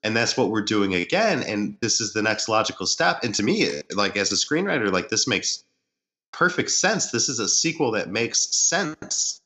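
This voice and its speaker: A man co-hosting a movie podcast who works as a screenwriter and thinks out loud in long, earnest explanations. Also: on the low side, sing-song, moderate pace. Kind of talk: casual movie chat.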